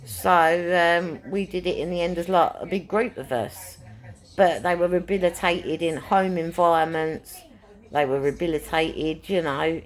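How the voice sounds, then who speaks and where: Chatty woman, slightly low voice. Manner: chatty, repeats phrases for emphasis, many fillers. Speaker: pet owner and animal rescuer. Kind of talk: casual rambling chat to camera.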